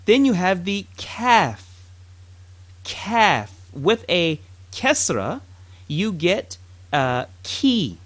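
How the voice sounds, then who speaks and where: A teacher leads a pronunciation drill at a very unhurried pace. The pitch rises and falls a lot as each syllable is stretched out and repeated. The teacher asks listeners to say it along and drops in small jokes. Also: sing-song, fairly bright tone. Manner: light, joking asides. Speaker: Arabic teacher. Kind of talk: recorded language lesson, pronunciation drill.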